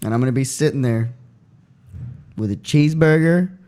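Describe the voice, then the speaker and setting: A man co-hosting a casual podcast chat, joking around and slipping into deadpan impression bits. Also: medium pitch, moderate pace. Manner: jokey, keeps doing a flat deadpan impression voice. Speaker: podcast co-host.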